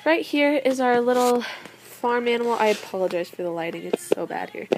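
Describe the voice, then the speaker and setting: A woman's voice: a little high, animated, a little fast, over loud music, low-quality recording. A teenage girl giving a chatty, giggly show-and-tell tour of her toy collection, now and then losing her train of thought. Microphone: handheld camera.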